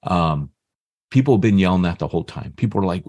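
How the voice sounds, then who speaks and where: Fast and low, a man in his fifties co-hosting a podcast casually tells a story, animatedly acting out the voices of the people involved. There's no echo.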